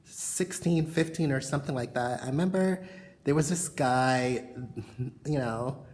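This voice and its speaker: A woman's voice: a bass voice, unhurried, a little mellow, a little hiss or hum. Woman vlogger, bedroom chat to camera, frank and rambling, lots of fillers. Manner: frank, rambling, heavy on "you know" fillers. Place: bedroom at home.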